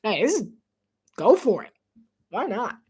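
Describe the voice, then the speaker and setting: High-voiced man doing solo game commentary. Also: very animated, a little slow, a little mellow, breathy edge. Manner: chatty, laughs often, self-deprecating asides. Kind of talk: casual live play-by-play commentary.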